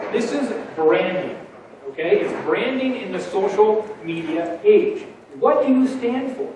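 A man giving a conference keynote, punchy and energetic, full of rhetorical questions. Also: high-pitched, heavy reverb, far from the mic, a little hiss or hum, low-quality recording. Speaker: keynote speaker. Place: large conference hall.

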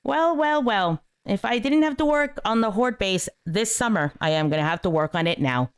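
A woman hosting a gaming channel, giving casual let's-play commentary, exasperated and swinging between high yelps and low mutters. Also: expressive, brisk, clean tone.

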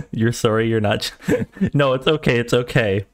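A man's voice: mid-range voice, a little slow. A young man livestreaming a strategy game, chatting casually and laughing often in a flustered, self-mocking way. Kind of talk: casual gaming stream chat.

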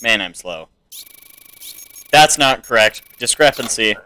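A man's voice: medium pitch, animated, takes it slowly, bright, forceful tone, smooth. A man giving casual gameplay commentary, thinking aloud as he checks items off to himself. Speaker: game player.

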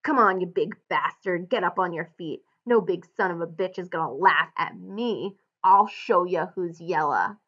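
A woman's voice: lowish voice, fairly even intonation, moderate pace, hardly any pauses, sharp tone, highs cut off. A woman reading aloud, voicing a belligerent, hot-tempered small young man who taunts aggressively.

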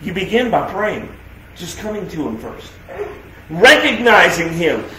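Pastor, male, high-pitched, emphatic sermon delivery; loud proclamations that drop to hushed asides. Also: big pitch swings, a little slow, a little hiss or hum. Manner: emphatic preaching with rhetorical questions; swings between loud declarations and quiet, soft asides. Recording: echoey room sound.

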